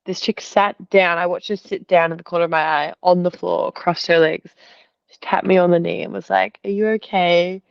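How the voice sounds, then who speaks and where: A young woman from Australia talks through a hard week in a loose, rambling way, leaning on filler words. Her voice sits low for a woman. The video call audio is dull and lo-fi, with a dry, close sound. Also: level tone, normal speed, vocal fry, clean tone, no room sound. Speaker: artist sharing in a group call. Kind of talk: casual emotional storytelling.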